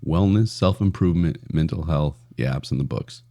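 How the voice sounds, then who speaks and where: A man's voice: a bass voice, normal speed, mellow. A man hosting a solo podcast in a casual, blunt and profane way, rambling with frequent restarts. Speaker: podcast host.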